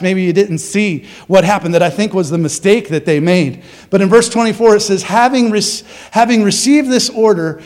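A male pastor preaching a sermon, telling the story in a conversational, animated way and putting questions to the congregation. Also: sits high.

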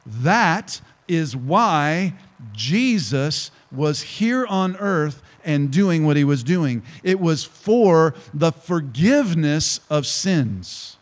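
A male pastor preaching a sermon to a congregation, emphatic and slowing down to stress key phrases. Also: fairly high pitch, very animated. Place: church hall with congregation.

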